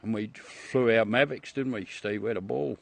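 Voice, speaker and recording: On a livestream, a middle-aged Australian man points his telescope at the moon and chats casually with viewers, cracking jokes, swearing and laughing a lot. He has a gravelly, fairly low voice and speaks at a normal speed.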